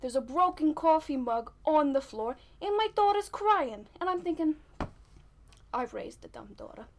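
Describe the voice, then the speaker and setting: A woman playing a blunt, sassy middle-aged housewife with a Brooklyn New York accent, in a deadpan mockumentary interview. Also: sits high, normal speed. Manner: sassy, blunt, snaps at people off camera.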